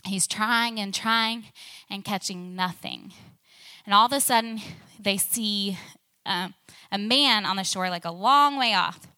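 A woman's voice: medium pitch, measured pace, pushed and bright, clear, resonant tone. A young woman giving a casual, conversational sermon, telling a story full of fillers and asides. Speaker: preacher.

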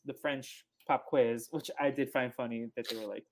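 A man's voice: mid-range voice, steady tone, a little hiss or hum. A man hosting a podcast, chatting loosely about a film with many fillers. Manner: chatty, halting with fillers, acts out quotes. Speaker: podcast host. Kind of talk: casual chat recapping a film.

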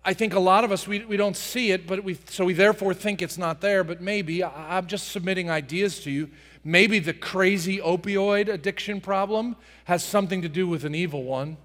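Dramatic high-voiced man preaching. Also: moderate pace, in a large hall. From United States. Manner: dramatic, acts out prayers in voices, shifts from soft to booming. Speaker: pastor. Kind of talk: sermon.

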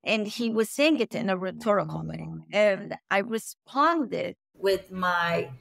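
Slow, gravelly-voiced woman telling her story. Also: mid-range voice, animated, a bit bright. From Egypt. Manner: earnest, searching for words. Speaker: interview guest. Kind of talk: recounting a personal story. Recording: echoey room.

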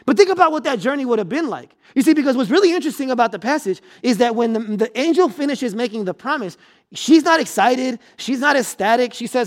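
A pastor preaches a sermon in a very high, lively voice, talking fast. He keeps it conversational with the congregation, checking in with them and repeating words as he builds toward his point.

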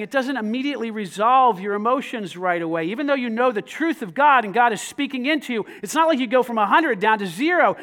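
A man preaching a sermon, animated and conversational, swinging from loud emphasis to quiet asides and asking the congregation questions. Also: extremely high pitch. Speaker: pastor.

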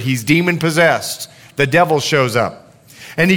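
A man preaching a sermon, animated, with jokes and asides to the congregation. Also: a little high, unhurried. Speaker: pastor.

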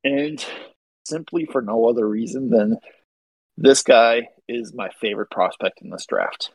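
Enthusiastic husky-voiced man. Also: on the low side, no room sound, poor audio. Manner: enthusiastic, gushing about prospects. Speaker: podcast co-host. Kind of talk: casual hockey podcast chat.

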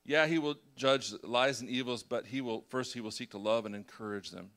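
A middle-aged man preaching a sermon, animated and acting out the voices of the people in his story. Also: mid-range voice, fairly quick. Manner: animated, acts out voices of God and Gideon. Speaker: pastor.

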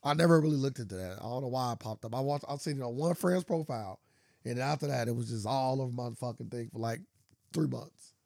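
Podcast co-host, male, relaxed and gravelly, dry close mic. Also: mid-range voice, fast talker, no echo. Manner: laid-back, laughs a lot, drawls slang. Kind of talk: casual podcast chat.

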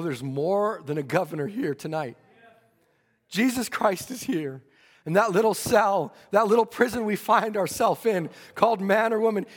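A man preaching a fervent revival sermon, stammering into restarts and acting out the people in his story. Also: high-pitched. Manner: fervent, stammering restarts, acts out quoted voices. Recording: long church reverb.

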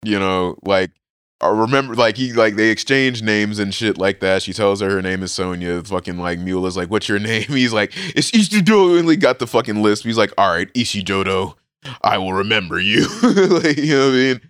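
Podcast co-host, male, low and smooth, loose slangy recap style with quick character voices. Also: fairly bright tone, no echo, clean studio sound. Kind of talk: casual chat recapping a manga.

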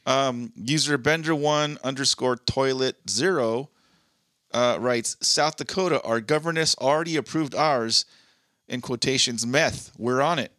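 A man's voice: medium pitch, unhurried, fairly bright tone, dry recording, clean studio sound. A man co-hosting a podcast in casual chat, reading listener posts aloud and swearing freely. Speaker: podcast co-host.

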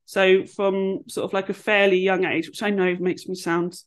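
A woman, a podcast guest in casual chat, telling rambling, animated stories. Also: mid-range voice, normal speed.

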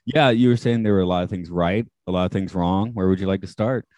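A man hosting a casual podcast, easygoing and often laughing, with halting fillers. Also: deep voice, darkish tone, no room sound. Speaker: podcast host.

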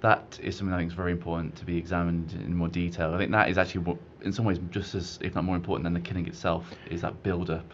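Male academic guest, low monotone, measured, dull broadcast sound with faint room noise. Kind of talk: studio discussion.

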